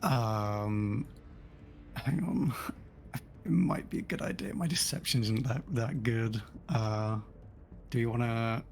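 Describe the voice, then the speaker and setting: A man playing in a tabletop game on a livestream, hesitant and halting with many ums. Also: mid-range voice, vocal fry, slight background noise. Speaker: player.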